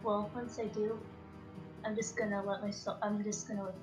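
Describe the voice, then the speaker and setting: A woman's voice: mid-range voice, flat delivery, moderate pace, over music, poor audio. A woman playing a tabletop game, chatting in a giggly, playful way. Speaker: player. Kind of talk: casual chat during a tabletop game.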